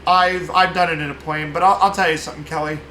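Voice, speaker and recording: A man putting on a cold, creepy male villain who talks calmly and dismissively. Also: a little high, fast, echoey room, slight background noise, rough recording.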